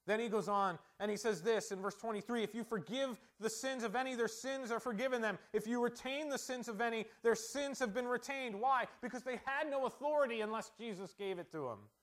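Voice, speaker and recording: A middle-aged male pastor preaching a conversational sermon, asking rhetorical questions and swinging between loud emphasis and quiet asides. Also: very high-pitched, brisk, hardly any pauses.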